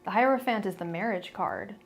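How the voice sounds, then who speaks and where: A woman's voice: medium pitch, fairly quick. A young adult woman giving a live-stream tarot reading, talking bluntly and chattily with many restarts. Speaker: tarot reader.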